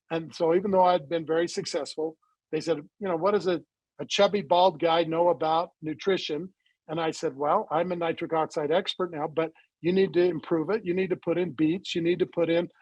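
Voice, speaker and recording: A man being interviewed as a guest and founder of a supplement company, telling his story in a lively way and acting out the dialogue he quotes. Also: on the high side, no room sound, rough recording. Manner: animated storyteller who acts out quoted dialogue.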